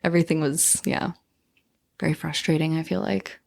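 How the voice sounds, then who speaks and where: A woman, a new mother, guesting on a podcast and speaking candidly in a soft, trailing way. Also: low-pitched, steady tone, normal speed, gravelly. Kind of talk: casual conversation.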